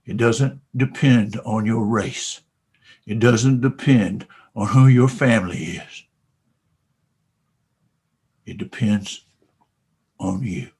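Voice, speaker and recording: A man animatedly retelling a motivational sales story, dropping to a hush and then rising loud. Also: on the low side, takes it slowly, long pauses, breathy edge. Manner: dramatic, shifts between hushed and loud.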